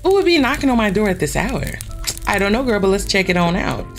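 A woman's voice: medium pitch, sing-song, quick pace, soft background music. A woman hosting a gaming channel, chatting casually and swearing freely as she plays a horror game and talks straight to her viewers.

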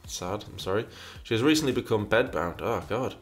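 Fairly quick and animated, this man's low-leaning voice carries a casual viewer Q&A over faint background music. He reads each question aloud, mulls it over, and often repeats himself.

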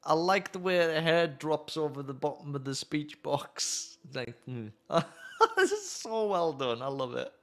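A man streaming a video game, chatting casually and breaking into panicked yelps and shouts. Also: a little high, sing-song, measured pace. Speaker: gaming streamer. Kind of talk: let's play commentary.

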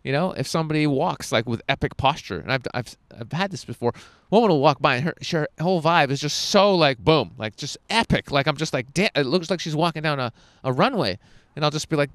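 A man coaching a seminar crowd, animated and profane, acting out little dialogues as he goes. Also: on the high side, brisk, no room sound. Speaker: dating coach. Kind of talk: energetic seminar talk. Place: indoor seminar room.

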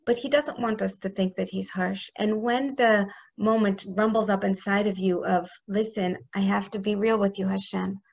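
An earnest woman gives a heartfelt spiritual talk in a flat, gravelly voice. Her tone is intimate and close. The recording sounds somewhat dull and lo-fi. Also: mid-range voice, moderate pace, hardly any pauses. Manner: intimate, earnest, speaks prayers aloud. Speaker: religious teacher.

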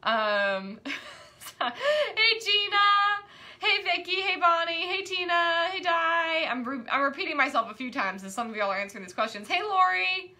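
A woman hosting a live-streamed quilting class, bubbly and excitable, chatting and easily sidetracked. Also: high-pitched. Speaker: quilting teacher and host.

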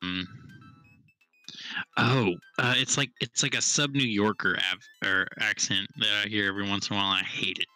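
A man chatting casually on a stream in a relaxed, rambling way. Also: on the low side, moderate pace, no echo, soft background music. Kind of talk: casual chat.

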